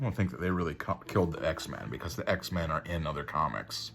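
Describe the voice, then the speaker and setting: A man's voice: a bass voice, animated, brisk, gravelly, fairly bright tone. A man casually reviewing a comic book, rambling and laid-back with lots of fillers.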